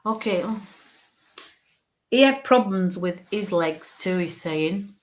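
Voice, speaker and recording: A medium-pitched woman with lively intonation takes her time, speaking slowly as a spirit medium doing a live reading for viewers. Chatty and reassuring, she thinks aloud while relaying what she senses, repeating "okay" and "bless you" throughout.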